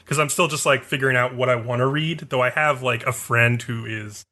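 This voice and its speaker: A man co-hosting a podcast in casual chat, relaxed and hesitant. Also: medium pitch, fairly quick. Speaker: podcast co-host.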